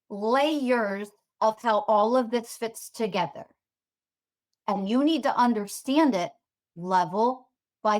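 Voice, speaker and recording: A woman with a fairly high voice delivers a fiery podcast monologue as a spiritual teacher. She swears freely and stacks one sarcastic rhetorical question on top of another.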